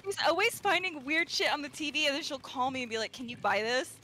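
A woman's voice: high-pitched, fast, a crowd in the background. A woman guest on a charity game stream, chatting casually and a little bashfully. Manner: animated, bashful.

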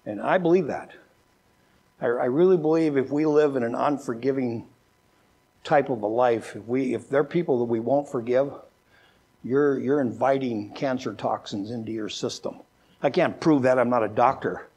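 An older man preaching a sermon as a pastor, folksy and joking, who often repeats words and slows down with a lifted voice when he reads scripture. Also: mid-range voice, darkish tone, breathy edge. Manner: slows down and lifts his voice when reading scripture.

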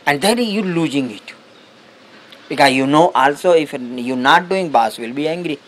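A man with a somewhat high voice gives a reflective satsang talk. His English is halting and broken, full of restarts, and he takes his time over each thought. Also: fairly bright tone, rough recording. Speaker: spiritual teacher.

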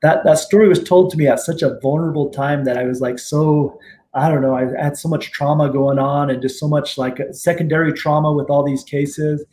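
A middle-aged man talks as a guest in a casual interview, wandering through his stories with plenty of fillers and restarts. His voice sits a little on the high side for a man. A faint hiss is heard behind him. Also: brisk. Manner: relaxed, rambling, frequent fillers and restarts. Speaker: guest attorney and tribal judge.

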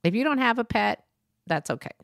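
A woman's voice: fairly high pitch, sing-song, fairly quick, vocal fry, fairly bright tone, no echo, studio quality. A grandmother hosting her own podcast, talking casually in a chatty, rambling way and laughing often. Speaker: podcast host. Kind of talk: casual solo podcast talk.

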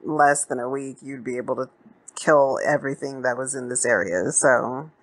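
A woman voicing a calm male stranger who speaks in a matter-of-fact way. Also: rumbling low, moderate pace, rough recording.

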